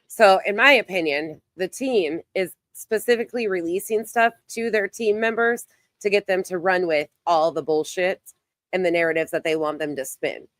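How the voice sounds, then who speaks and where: A woman's voice: on the low side, normal speed, no echo. Blunt, fraying woman livestream host. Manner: blunt, swears, greets chat by name. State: losing her voice. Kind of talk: casual livestream commentary.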